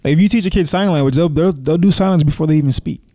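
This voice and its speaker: A man joins a casual podcast as a guest, mostly giving short agreeing remarks. His tone is mellow and dark, and he drops low at the ends of his lines. The recording is dry and close-miked. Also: quick pace, dry recording.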